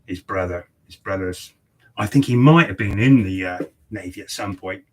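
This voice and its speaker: A man's voice: deep voice, normal speed, husky, poor audio. A man who works as a barber, chatting casually with a customer in his shop and telling a long story full of swearing. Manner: swears freely, rambling storyteller. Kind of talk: casual chat, telling a story while cutting hair.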